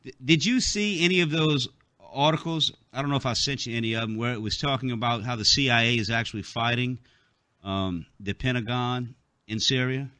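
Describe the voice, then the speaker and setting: A man's voice: mid-range voice, brisk, sharp tone, dry recording. A man hosting a talk radio show, rambling through a casual monologue with many fillers, and he has the hiccups.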